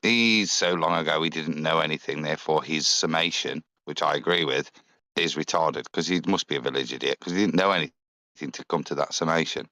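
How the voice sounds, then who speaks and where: A man's voice: extremely low pitch, fairly quick, pushed and bright, no room sound. A man on a live panel, making his case earnestly and often restarting his sentences.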